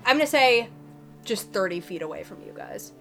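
A young woman running a tabletop game as game master, relaxed and full of ums as she describes the scene. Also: mid-range voice, moderate pace, creaky, faint music behind.

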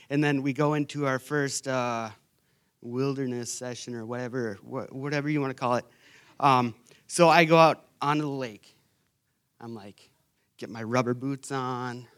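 Young guy giving a church testimony, lively and joking at himself, lots of ums. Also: mid-range voice, clean tone. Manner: animated, self-mocking storyteller with filler words. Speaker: retreat participant sharing testimony.

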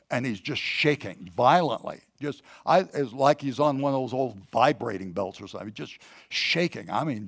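Gravelly man preaching in a storytelling way. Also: mid-range voice. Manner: conversational storytelling, many fillers and restarts. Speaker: preacher teaching a class. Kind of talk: sermon with personal testimony.

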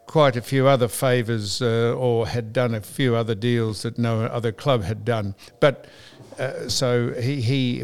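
A man, hosting a chatty podcast and rambling through shout-outs and digressions. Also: mid-range voice, clean tone. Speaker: podcast host. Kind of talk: casual banter podcast.

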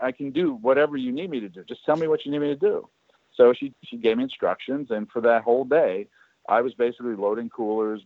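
A man's voice: medium pitch, dry recording. A man telling stories from his career in a casual chat, acting out the lines of the people in them. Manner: animated storyteller who acts out other people's lines. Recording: tinny phone-like line, dry.

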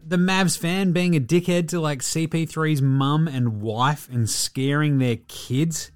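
A man hosting a casual sports talk show, swearing freely and talking in a loose, animated way. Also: on the high side, slow pace, faint music behind. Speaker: podcast host.

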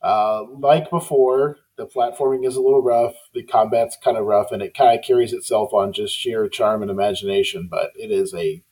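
A man co-hosting a casual podcast, relaxed and chuckling often as he gives his opinions. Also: on the low side, normal speed, hardly any pauses, rough recording. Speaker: podcast co-host.

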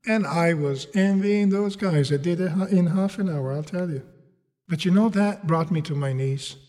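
A man with a high voice preaches in a large hall, keeping a normal pace. His sermon comes in English, a later-learned language for him rather than his mother tongue, and it's full of vivid stories and rhetorical questions aimed at the audience.

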